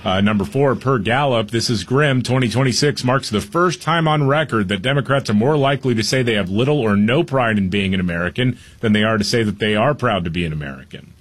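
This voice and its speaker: Husky male talk radio host, reads headlines with casual asides. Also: mid-range voice, brisk, few pauses. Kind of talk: talk radio, reading news countdown.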